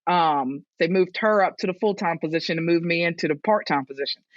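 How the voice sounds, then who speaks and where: A strength and conditioning coach in her thirties, here as a guest in a casual interview, speaks a little fast in a fairly low voice. Her storytelling is lively, full of laughter and raised-voice impressions of other people. The dry lo-fi recording sounds dull.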